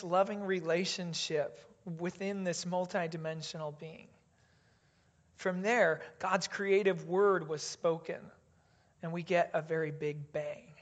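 A pastor preaching a sermon in a deliberate way, dropping to a hush on key phrases and leading the congregation in reading aloud. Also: mid-range voice.

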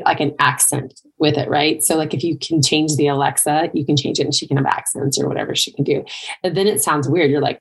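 Low creaky-voiced woman life coach. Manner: conversational, with many "like" and "right?" asides. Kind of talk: motivational monologue.

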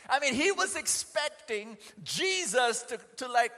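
A man preaching a sermon, animated, acting out scenes and often restarting his sentences. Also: very high voice, a little slow, creaky, few pauses, in a large hall.

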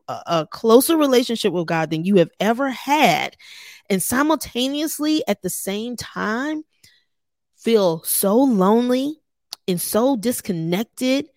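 A woman's voice: lowish voice, dry recording, studio quality. A woman in her thirties hosting a faith podcast, talking earnestly and conversationally to her listeners. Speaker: podcast host. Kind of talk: personal faith podcast talk.

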